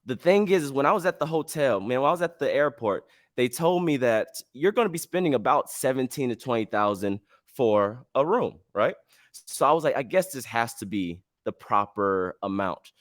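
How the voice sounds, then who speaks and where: Male podcast host, animated storyteller, mid-pitched voice, dry close sound. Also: fairly quick, no room sound. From United States. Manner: animated, casual slang, acts out dialogue.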